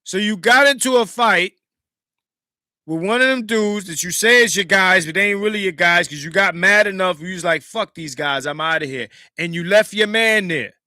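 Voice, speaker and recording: Host type: man, high and very bright voice, emphatic casual commentary, dry close mic. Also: moderate pace, no echo. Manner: animated, emphatic, swings between loud and hushed. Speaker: podcast host reacting to a clip.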